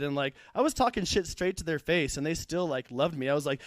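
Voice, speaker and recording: A man's voice: sits high, fast talker, hardly any pauses, dry recording. A young man performing a stand-up comedy set at a live show, rambling, profane and losing his thread.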